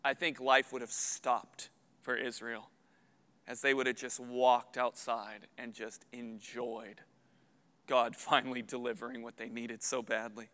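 A man in his thirties preaching a sermon as a pastor, earnest and building to loud emphatic peaks. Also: mid-range voice, level tone, a little slow, clear, resonant tone. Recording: long hall reverb.

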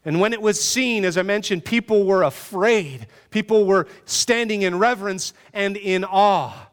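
Man preaching, high voice, animated and conversational, rhetorical questions, long hall reverb. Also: measured pace, clean tone. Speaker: pastor. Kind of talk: sermon.

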